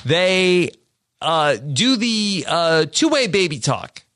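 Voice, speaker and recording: Chatty male podcast host, high tenor, lots of lift in his delivery. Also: big pitch swings, slow pace, a bit bright, no echo, studio quality. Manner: laughing, chatty recap with restarts. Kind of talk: casual chat.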